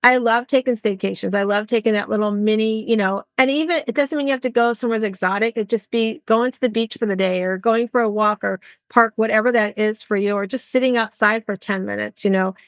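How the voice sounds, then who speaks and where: A woman's voice: on the high side, fairly quick, dry recording. A woman hosting a podcast interview, chatting casually and acting out little exchanges with her clients. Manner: chatty, acts out bits of client talk. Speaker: podcast host and coach.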